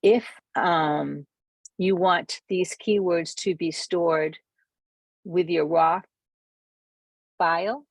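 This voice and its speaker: A camera club presenter giving a casual software walkthrough, thinking aloud and correcting themselves while demonstrating. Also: medium pitch, fairly even intonation, very slow, long pauses, no room sound, muffled recording.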